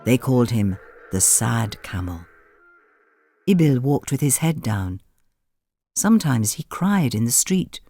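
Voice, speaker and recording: A man reading a children's storybook aloud in a gentle, expressive manner. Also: medium pitch, a little slow, pauses often, noisy background. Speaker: narrator. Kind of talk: storybook narration.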